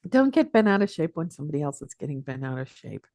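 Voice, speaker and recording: Guesting on a podcast for a casual interview, an older Pacific Northwest teacher tells stories reflectively, with plenty of chuckles. She talks fast in a low, sing-song, darkish voice. The sound is clean studio audio without echo.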